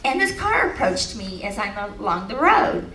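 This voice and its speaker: A woman's voice: medium pitch, sing-song, moderate pace, sharp tone, slight background noise. A middle-aged woman giving a motivational talk at an expo, telling a personal story with laughter and then leading the audience in affirmations. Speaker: speaker at an expo. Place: large hall at an expo. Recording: echoey hall recorded from a distance.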